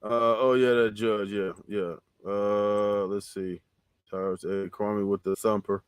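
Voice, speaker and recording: A man's voice: on the low side, flat delivery, slow, clean tone, dry recording. A man hosting a livestream, ranting profanely and heatedly, repeating himself. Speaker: livestream host reading chat. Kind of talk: casual livestream rant.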